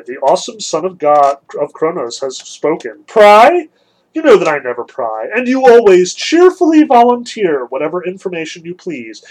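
A man's voice: sits high, exaggerated voice, low-quality recording. A man voicing a suspicious, sarcastic goddess queen who needles her husband.

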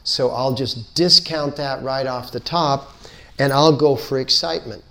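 A man giving a spiritual lecture, unhurried and playful, repeating words in rhythmic build-ups. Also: medium pitch, a bit bright. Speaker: spiritual teacher.

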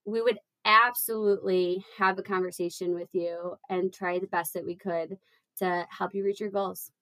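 A woman's voice: on the low side, level tone, normal speed, sharp tone, no echo, poor audio. A young adult woman, a fitness coach guest, giving casual, encouraging advice with lots of fillers. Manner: rambling, filler-heavy, encouraging.

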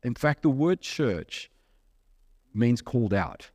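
A man's voice: medium pitch, sing-song, slow, darkish tone, dry recording, studio quality. A man preaching a sermon in a conversational way, asking the listeners questions and acting out little asides. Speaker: pastor.

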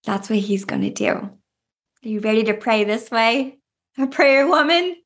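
A woman giving passionate devotional preaching, animated and fervent, breaking into laughter at times. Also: mid-range voice, moderate pace. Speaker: devotional author and speaker.

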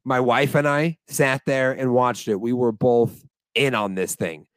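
A young American man co-hosting a casual sports podcast, talking with animated enthusiasm and laughing easily. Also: medium pitch, a little slow, dry recording. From United States. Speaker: podcast co-host.

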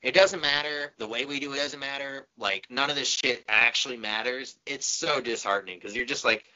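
A man's voice: mid-range voice, brisk, pushed and bright, highs cut off. A man on a podcast, venting in a casual, profane, exasperated way. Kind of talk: casual chat.

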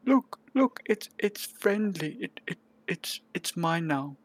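A man doing a dim, soft-hearted goblin in a tabletop game, quiet, hesitant and stammering as he pleads to keep a kitten. The voice is dry and close, with little room sound. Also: high-pitched, expressive, slow pace, no echo, exaggerated voice. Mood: pleading.

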